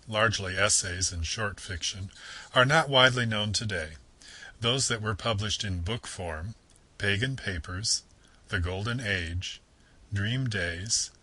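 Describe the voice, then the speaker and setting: Give me a man narrating a formal literary lecture, with a husky, sharp-edged voice. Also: fairly low pitch, poor audio. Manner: measured and formal.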